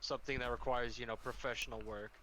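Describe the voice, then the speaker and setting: A man's voice: medium pitch, little pitch movement, fast, fairly bright tone, a little hiss or hum. A man streaming a video game, chatting casually and profanely, often restarting his sentences. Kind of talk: casual gaming stream chat.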